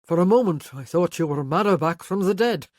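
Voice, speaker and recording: A guilt-ridden older Highland man, as an audiobook narrator puts him on, speaking with earnest, pleading sorrow. The voice sits in a middle register, and the recording is close and completely dry. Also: animated, brisk, no echo, lightly acted. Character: remorseful older Highland man, Kerr's uncle. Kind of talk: audiobook character voice.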